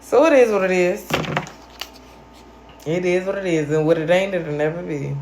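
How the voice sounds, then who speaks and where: A woman's voice: on the low side, moderate pace, background noise. A woman hosting a late-night livestream, ranting at viewers in a brash, profane and confrontational way while a little tipsy. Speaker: livestream host.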